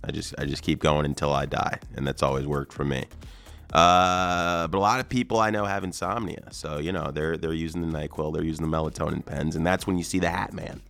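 Deep gravelly man joking on radio. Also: steady tone, brisk, a bit bright, soft background music. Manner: rambling, joking, self-deprecating. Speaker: radio show co-host. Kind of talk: casual banter. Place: radio studio.

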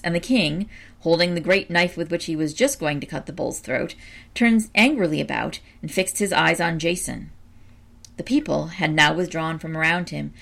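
A woman reading a storybook aloud with a low, gravelly voice. Her reading is measured and expressive. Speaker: narrator.

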